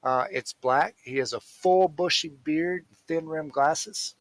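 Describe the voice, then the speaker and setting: A man narrating a tabletop role-playing game as game master, in a slow, rambling, casual way with fillers. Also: a little high, dry recording, low-quality recording.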